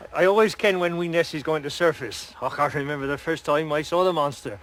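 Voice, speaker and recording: An actor playing a chuckling old villager who boasts and rambles through tall tales. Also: male voice, on the high side, very slow, a bit bright. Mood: boastful. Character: old local man, boastful, money-minded joker. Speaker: villager in comedy sketch.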